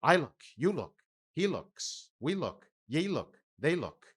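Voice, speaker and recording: A man voicing a crazed young cabin boy who chants in a wildly swinging, high singsong. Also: very animated, slow pace. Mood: chanting.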